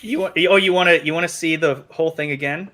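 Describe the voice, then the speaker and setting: Brief: high-pitched male stream host, rambling, laughing, casual. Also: quick pace, pushed and bright. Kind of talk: casual live stream chat.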